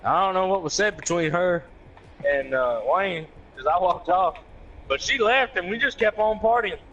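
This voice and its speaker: A man's voice: high voice, moderate pace, dull audio. A man telling a rowdy story to friends, swearing freely and acting out the quotes. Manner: animated, profane, acts out quotes in raised voices.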